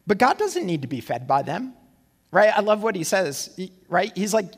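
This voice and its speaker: A male pastor preaching a sermon, conversational and animated, posing rhetorical questions. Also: high-pitched, moderate pace, creaky, slightly rough. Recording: long hall reverb.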